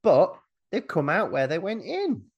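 A man's voice: sits high, wildly swooping pitch, unhurried, slightly rough, lo-fi sound. A man co-hosting a casual chat, retelling a film scene by scene in a rambling, jokey way, breaking into silly voices. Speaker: podcast co-host recapping a film.

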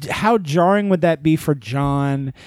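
Hyped up guy with a high voice, cussing constantly on a podcast, dry close mic. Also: measured pace, dry recording. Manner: excitable, profane, rambling. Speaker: podcast co-host. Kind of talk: casual chat.

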